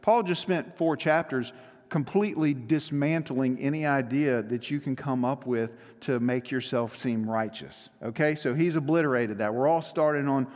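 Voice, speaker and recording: A male pastor preaching a sermon in a conversational, joking way, rushing through some phrases. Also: medium pitch, big-room sound. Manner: conversational and joking, with quick rushes.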